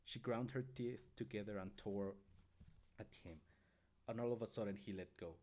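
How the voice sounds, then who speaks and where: A man's voice: fairly low pitch, moderate pace, mellow. A man reading a novel aloud on a stream, often stumbling and correcting himself mid-sentence.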